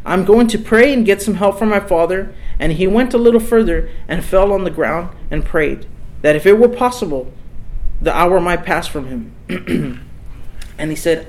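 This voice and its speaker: A man's voice: sits high, moderate pace, poor audio. A man preaching a sermon in an earnest, emphatic way, repeating key phrases for weight.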